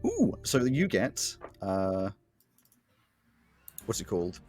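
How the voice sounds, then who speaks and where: A man runs a tabletop game as its game master, narrating with quick, laughing bursts. His pitch swings widely as he describes each move. Soft fight music plays underneath. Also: wildly swooping pitch. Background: faint fight music.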